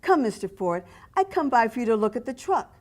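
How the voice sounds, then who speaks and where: A woman's voice: fairly high pitch, very animated, a little fast, voice pushed up. A woman voicing an Italian immigrant man who sells produce, speaking with an Italian accent in an eager, begging way. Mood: earnest.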